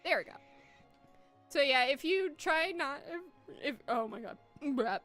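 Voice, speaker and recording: A woman's voice: high voice, animated, a little slow, a bit bright, soft background music. A woman giving casual, chatty let's-play commentary, swearing and poking fun at herself. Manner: chatty, swearing, self-mocking. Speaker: gaming streamer.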